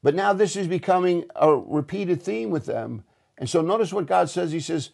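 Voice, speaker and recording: Male pastor, sermon delivery, slightly higher voice, earnest and conversational, stumbles and restarts. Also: expressive, normal speed, vocal fry, a little mellow. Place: church.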